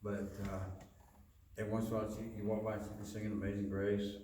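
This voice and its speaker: A man's voice: fairly low pitch, monotone, fast, dark tone. Earnest man in an echoey room. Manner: earnest, thoughtful, hesitant. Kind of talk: casual reflective chat. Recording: echoey room, far from mic, noisy.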